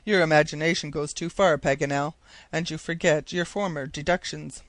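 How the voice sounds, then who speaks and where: A man's voice: fairly high pitch, steady tone, normal speed, a bit bright, dry recording, natural voice. A man voicing a skeptical army major who questions and challenges. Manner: doubtful, challenging. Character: skeptical older male army major, dry.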